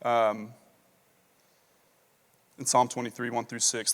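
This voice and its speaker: A man's voice: medium pitch, steady tone, brisk, pushed and bright. A man preaching a sermon as pastor, talking casually with many fillers and reading scripture aloud. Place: large church hall. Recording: long reverb of a large hall.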